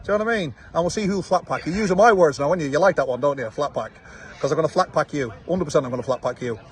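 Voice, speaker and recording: Confrontational Manchester man, higher-pitched. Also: very fast, husky. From Manchester, England. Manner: confrontational, with taunting tags like "yeah?". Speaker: fight promoter. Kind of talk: direct-to-camera reply video. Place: outdoors, watching football.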